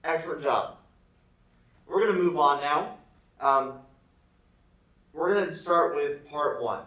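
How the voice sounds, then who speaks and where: Slow, patient man teaching music. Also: fairly high pitch, sharp tone. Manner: slow, patient call-and-response instruction. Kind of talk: remote music lesson. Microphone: camera set away from him. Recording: echoey room, far from the mic.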